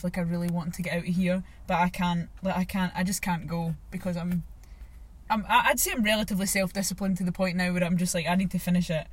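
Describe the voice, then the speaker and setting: A woman's voice: lowish voice, no room sound. A young woman co-hosting a podcast, talking in a chatty, rambling way and laughing often. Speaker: podcast co-host. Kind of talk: casual chat.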